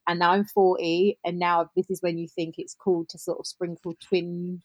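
A woman, telling her story as a podcast guest in an animated way, acting out bits of dialogue. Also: lowish voice, normal speed, no room sound. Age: 40s. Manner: animated, laughs often, reenacts dialogue. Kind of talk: casual storytelling.

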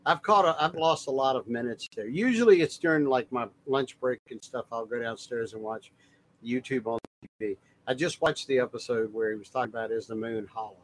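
Man, easygoing podcast co-host, relaxed casual chat, slight hiss behind. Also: medium pitch, fairly quick, rough recording.

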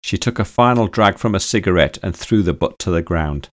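A male audiobook narrator with a deep, low voice, reading in a steady and even way. The recording is close and dry, with no room sound. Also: a little fast, no echo. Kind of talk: audiobook storytelling.

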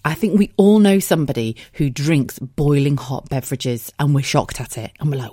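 A woman's voice: sits low, normal speed, few pauses, mellow, no echo, studio quality. An English woman in her thirties hosting a casual solo podcast, chatty and giggly, swearing freely. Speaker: podcast host.

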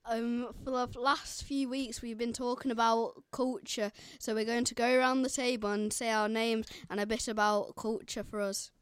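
Bright-voiced young woman hosting community radio. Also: on the high side, fairly even intonation, moderate pace, hardly any pauses, clean tone, no room sound. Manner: friendly, with frequent um fillers. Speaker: radio show host.

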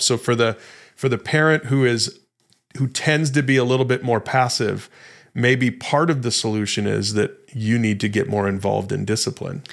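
Man, middle-aged, podcast co-host; conversational, restarts often, mid-pitched. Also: moderate pace, gravelly. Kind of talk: casual podcast talk.

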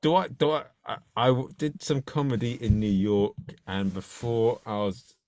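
A man's voice: mid-range voice, steady tone, moderate pace, a little mellow. A man with a London accent hosting a podcast, chatty, often stumbling over his words and laughing. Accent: London English. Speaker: podcast host. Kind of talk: casual interview chat.

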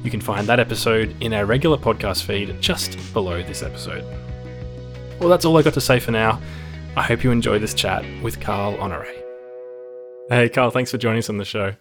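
A man's voice: fairly low pitch, fairly quick. A man hosting a podcast, reading an upbeat welcome and chatting with a guest. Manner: upbeat, friendly scripted delivery. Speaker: podcast host. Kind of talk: podcast intro and interview. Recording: music bed under the voice.

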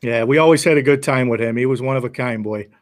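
A man's voice: medium pitch, fast talker. A man interviewing his former coach, affirming the stories and asking open questions. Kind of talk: casual interview.

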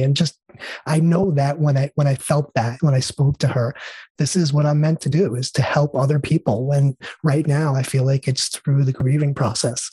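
Middle-aged male guest, earnest storyteller, husky voice. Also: medium pitch, warm tone, dry recording. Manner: earnest, heartfelt, with many fillers and restarts. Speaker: interview guest. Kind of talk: conversational storytelling.

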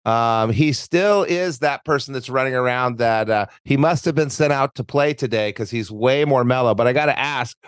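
A man's voice: medium pitch, moderate pace, hardly any pauses, smooth, dry recording, clean studio sound. A middle-aged man hosting a podcast, talking in a playful, teasing, rambling way. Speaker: podcast host. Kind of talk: casual interview chat.

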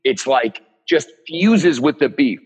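A man's voice: medium pitch, expressive, takes it slowly, husky, low-quality recording. A man leading a live cooking demo as the chef, chatty and joking, with rambling asides.

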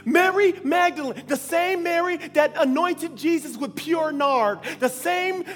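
A man preacher giving a lively sermon in slang, with bursts of shouting. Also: very high-pitched, unhurried. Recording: long hall reverb, faint music.

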